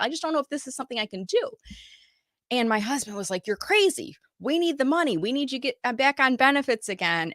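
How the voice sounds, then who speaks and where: A woman's voice: mid-range voice, pushed and bright, no echo, clean studio sound. A middle-aged woman from the United States, a marketing business owner, telling her career story in a live online talk and acting out the dialogue she quotes.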